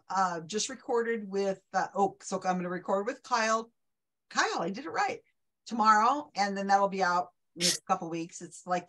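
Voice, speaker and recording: Woman hosting trivia on a video call, chatty and excited, rambles on. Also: mid-range voice. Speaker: trivia night host. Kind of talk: casual online group chat.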